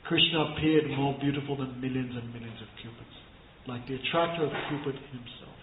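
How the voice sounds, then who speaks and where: A man giving a scripture class, telling stories, chanting verses and laughing softly. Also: medium pitch, fairly quick, noisy background. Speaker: spiritual teacher. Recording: echoey room over thin phone-like line.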